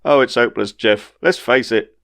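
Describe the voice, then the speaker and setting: A man's voice: medium pitch, normal speed, a bit bright, no echo, studio quality, natural voice. A man doing a whiny, gloomy worrier. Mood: despairing. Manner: whiny and sorrowful.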